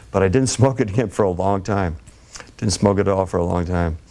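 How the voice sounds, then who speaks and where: A man's voice: on the low side, fast talker, darkish tone. A man telling rambling, laughing anecdotes as a guest on a TV talk show. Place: TV studio.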